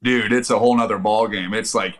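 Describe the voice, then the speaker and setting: A man's voice: lowish voice, a little fast. Profane man telling war stories. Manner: animated, profane, acts out yelling quotes. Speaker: podcast guest, Army veteran. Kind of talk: casual storytelling.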